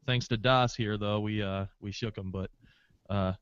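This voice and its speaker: A man's voice: lowish voice, fairly even intonation, unhurried, a bit bright, lo-fi sound, a little hiss or hum. A man speaking as his character in a tabletop role-playing game, casual and joking, with a little swagger. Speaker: player.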